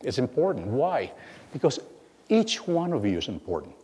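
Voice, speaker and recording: A middle-aged man giving a lecture as guest speaker, telling stories with halting repeats and acting out bits of dialogue. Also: mid-range voice, very animated, dark tone, breathy edge. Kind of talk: lecture storytelling. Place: lecture hall. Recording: long hall reverb.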